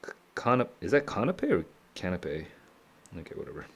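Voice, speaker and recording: A man with a notably low voice reads a novel aloud on his stream. He stops often to muse on what he has read and chuckles as he goes. It is a relaxed, unscripted read-and-react session. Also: fairly quick, vocal fry, breathy edge. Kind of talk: casual reading and reacting.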